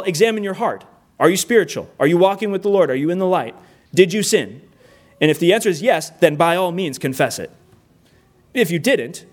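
A middle-aged man delivers a sermon in an earnest, plainspoken way. His voice sits a bit higher than most men's. He presses points with rhetorical questions. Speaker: pastor.

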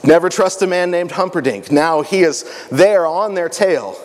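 A man's voice: sits high, normal speed. A man animatedly retelling a story with jokes for a young audience. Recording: long hall reverb.

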